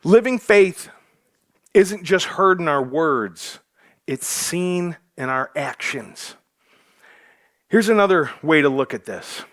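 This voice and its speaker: A man's voice: on the high side, lively intonation, takes it slowly, a bit bright. A male pastor preaching a sermon to his church, joking with the congregation as he goes. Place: church sanctuary.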